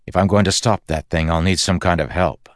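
A man voicing a confident, wry male hero who speaks in a brisk, dry, matter-of-fact way. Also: low-pitched, steady tone, dry recording, natural voice. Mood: determined.

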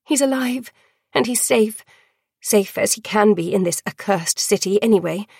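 A woman's voice: mid-range voice, moderate pace, vocal fry, darkish tone, slightly rough, no echo. A woman voicing a young woman prisoner who talks urgently and protectively to a friend. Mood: worried. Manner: urgent, pleading.

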